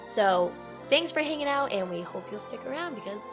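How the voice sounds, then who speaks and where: A woman's voice: on the high side, expressive, a little fast, music in the background. Chatty woman podcast host. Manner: chatty, says "like" a lot. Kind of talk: casual podcast chat.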